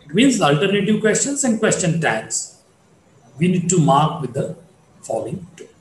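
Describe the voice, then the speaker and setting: Male lecturer, higher-pitched voice, unhurried teaching delivery, recorded in an echoey room with a faint hiss. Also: big pitch swings. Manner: slow, deliberate, repeats points for students. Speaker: phonetics lecturer.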